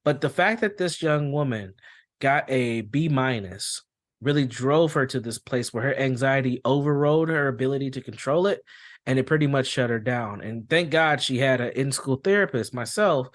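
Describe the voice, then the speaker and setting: A man's voice: mid-range voice, moderate pace. A man hosting a podcast and working as a school therapist, talking conversationally, telling stories and acting out quoted reactions. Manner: conversational, repeats phrases, acts out quoted reactions. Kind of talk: explanatory podcast talk with anecdotes.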